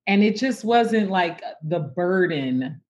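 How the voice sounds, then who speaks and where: A woman speaks slowly and thoughtfully, opening up as an interview guest. She circles back with fillers and restarts, and her voice carries emotion. The recording sounds slightly dull and muffled. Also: on the low side, lively intonation, a little mellow. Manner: reflective and emotional, with many fillers. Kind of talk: personal conversation.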